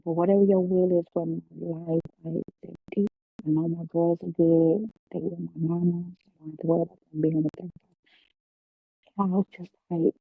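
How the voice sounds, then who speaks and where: Podcast guest, woman, husky gravelly voice, heartfelt testimony, thin phone-like sound. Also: on the low side, level tone, moderate pace, dry recording. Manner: storytelling, preacherly, heartfelt. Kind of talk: emotional personal testimony. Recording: phone-like, dry.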